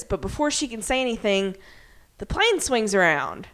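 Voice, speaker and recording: Woman, podcast co-host, casual recap, slightly high voice, acts out lines, swears a lot. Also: moderate pace. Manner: animated retelling, acting out characters' lines, frequent swearing. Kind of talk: casual chat.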